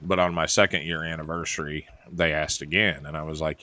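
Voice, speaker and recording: Southern man, low voice, crisp bright tone, chatty wry game streamer. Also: fairly even intonation, a little fast, hardly any pauses. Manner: drawling storyteller, chatty and wry. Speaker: streamer and former truck driver. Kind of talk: casual gaming chat and storytelling.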